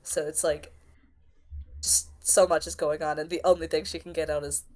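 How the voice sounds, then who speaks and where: A woman's voice: sits low, normal speed. A woman playing a tabletop game, animatedly describing her character's reactions. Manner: animated, exclamatory. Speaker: player.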